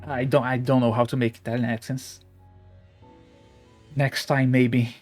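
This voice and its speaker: A man's voice: mid-range voice, level tone, measured pace, pauses often, a little mellow, faint music behind. A man streaming a game live, chatting casually and self-deprecatingly, stumbling over his words at a desk microphone. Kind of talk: live-stream gameplay chat and reading.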